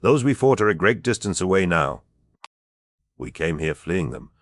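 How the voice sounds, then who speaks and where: A man's voice: deep voice, sing-song, moderate pace, dry recording. A tired, loyal warrior who keeps his composure, as a man reading the book puts him on. He speaks steadily and plainly, his voice lifted slightly above the narration. The recording is dry and close. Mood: tired, steady.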